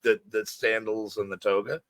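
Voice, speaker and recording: A man's voice: on the low side, flat delivery, moderate pace. A man co-hosting a casual live-stream chat, jokey, laughing easily and chiming in often. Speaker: co-host.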